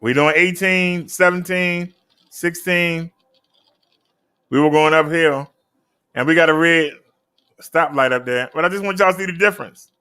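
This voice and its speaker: Man, live-stream host, casual chat, laid-back, slightly high voice. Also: measured pace, pauses often, bright, forceful tone, clean tone. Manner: laid-back, chatty, talks straight to viewers.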